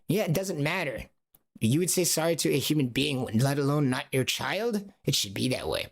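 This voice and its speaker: A man's voice: a little high, very animated, normal speed, vocal fry, slightly rough. A man talking alone on a livestream, rambling and asking rhetorical questions. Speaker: streamer. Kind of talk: casual livestream monologue.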